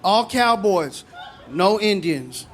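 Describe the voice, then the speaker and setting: On a comedy stage before a live audience, a middle-aged man performs stand-up, landing punchlines in a conversational way. His voice sits high and sounds animated, and he speaks slowly. Captured on a live stage mic, the recording is very noisy with loud crowd laughter.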